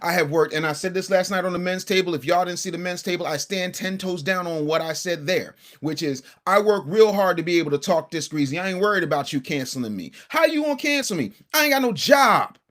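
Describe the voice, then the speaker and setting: Brash, high-voiced male commentary host. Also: quick pace, few pauses. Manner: brash, combative, talks to the chat. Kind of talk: casual livestream political commentary.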